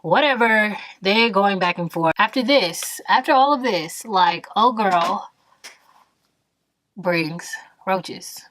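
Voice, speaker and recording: A woman in her twenties telling a story in a vlog, animated and emphatic, full of exasperation. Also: mid-range voice, slow pace, slight background noise. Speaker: vlogger.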